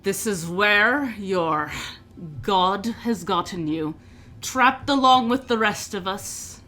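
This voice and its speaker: A woman's voice: mid-range voice, bright, forceful tone. Woman doing a sneering orc prisoner. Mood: mocking. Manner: mocking, slow, sneering. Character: scornful imprisoned male orc.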